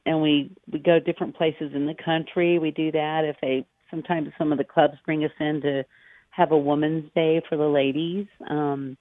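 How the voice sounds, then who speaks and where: A woman's voice: sits low, no echo. A middle-aged American woman, a golf professional guest on an interview, telling anecdotes in a chatty, easygoing way over the phone. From United States. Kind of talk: casual interview chat. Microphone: phone call. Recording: dry tinny phone line.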